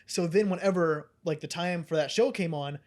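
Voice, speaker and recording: A man's voice: on the high side, moderate pace. A young man co-hosting a podcast, telling cartoon plots with lots of laughter and casual swearing. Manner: animated storyteller, laughs often, swears casually. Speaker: podcast co-host. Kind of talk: casual chat.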